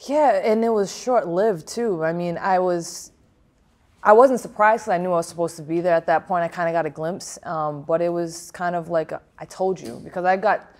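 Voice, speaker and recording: A woman's voice: lowish voice, normal speed, a little mellow. A woman boxer from Rhode Island, answering interview questions frankly and reflectively, with many fillers and restarts. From Providence, Rhode Island, USA. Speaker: professional boxer.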